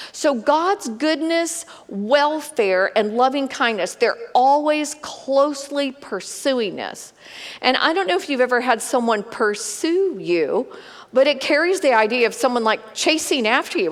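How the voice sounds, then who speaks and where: A woman teaching a women's Bible study in a conversational, animated way, talking straight to her group. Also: a little high, long reverb tail.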